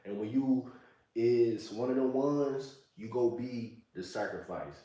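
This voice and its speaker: A man in his thirties talks through a reflective monologue in loose street slang, leaning on "you know what I'm saying." His voice sits at an ordinary middle pitch. The mic is some way off, and the room echoes heavily around him. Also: slow, mellow, distant mic. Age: 30s.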